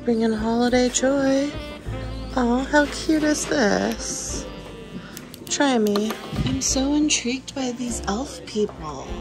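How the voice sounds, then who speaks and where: Excited woman vlogging while shopping. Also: fairly high pitch, slow pace. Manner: excited, gasping, chatty. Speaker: thrift reseller vlogger. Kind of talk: casual shopping vlog. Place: store. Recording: music playing behind.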